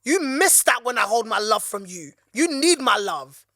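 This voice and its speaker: Woman podcast host, slightly high voice, fervent and preachy, dry close sound. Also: moderate pace, gravelly, no echo. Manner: emphatic, preachy and excitable. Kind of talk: casual chat.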